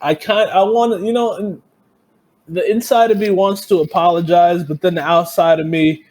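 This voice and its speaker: A man's voice: sits high, fairly even intonation, normal speed, a little mellow. A young man telling a heated, profane story in a casual podcast chat. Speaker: podcast co-host.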